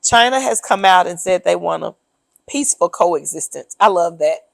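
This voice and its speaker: A woman's voice: lowish voice, animated, normal speed, vocal fry, no echo. A woman co-hosting a casual political chat, emphatic and sardonic as she lays out her points one by one. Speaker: podcast co-host.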